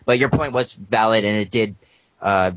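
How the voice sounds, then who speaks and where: A man's voice: lowish voice, moderate pace, dry recording. A man co-hosting a casual podcast, ranting and sarcastic. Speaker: podcast co-host. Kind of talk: casual chat. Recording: dull lo-fi sound.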